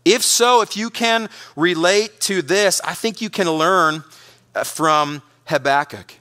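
A man delivering a sermon with urgent, emphatic energy. His voice sits high and rings bright. He often stumbles over and repeats words as he drives his points home. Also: slow pace. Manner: energetic, emphatic preaching with repetitions. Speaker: pastor.

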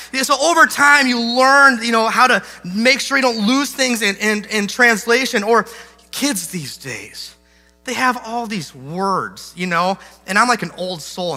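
A man in his thirties speaks from the stage of a large church, high-pitched and very bright. He tells a funny family story in an animated, self-deprecating way. His voice rings in a long hall reverb, with faint music under it. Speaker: pastor. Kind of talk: sermon illustration with humor.

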